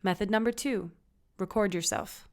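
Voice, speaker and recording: A woman's voice: mid-range voice, normal speed. A woman teaching acting basics in an upbeat, encouraging, conversational scripted narration.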